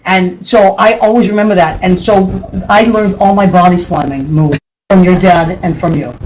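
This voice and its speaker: A woman's voice: fairly low pitch, normal speed. A woman host, telling family stories with jokes and laughter. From Boston area. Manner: animated, joking, laughing often. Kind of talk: lively family storytelling on a show. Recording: noisy room.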